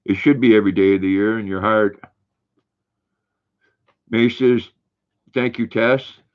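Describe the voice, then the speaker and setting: An older man hosting a casual livestream, reading viewers' comments aloud in a relaxed, folksy way. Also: fairly low pitch, measured pace. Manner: relaxed, folksy, reads viewer names and messages. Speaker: livestream host. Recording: dull lo-fi stream audio.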